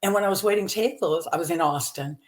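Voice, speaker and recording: A fast-talking woman with a voice on the low side, she's a Texas comedian in her seventies. As a podcast guest she shares frank personal stories about her life, often laughing and using many fillers.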